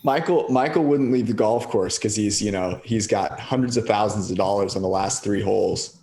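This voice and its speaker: Low-voiced relaxed man chatting. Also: moderate pace. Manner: relaxed, conversational, asks questions. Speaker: podcast co-host. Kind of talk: casual chat.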